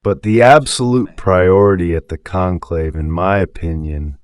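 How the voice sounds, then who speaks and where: Speaking at a measured pace in a low voice with a clean tone, this Italian-accented man preaches on the radio. His religious commentary is passionate, emphatic and rhetorical, and he keeps checking that his audience understands.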